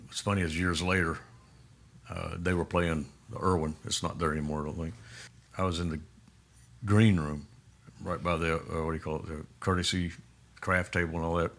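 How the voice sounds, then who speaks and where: Casting note: Texas man, very deep and bright-edged voice, easygoing rambling anecdote with restarts. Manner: rambling, halting storyteller with many restarts. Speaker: musician guest. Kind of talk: storytelling in a casual interview.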